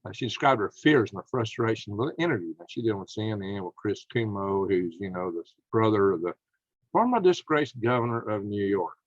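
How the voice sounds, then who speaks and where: A man's voice: on the low side, animated, fairly quick, no echo, highs cut off. Indignant man ranting on news. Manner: indignant, emphatic, apologizes to viewers. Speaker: political commentary host. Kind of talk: angry political commentary.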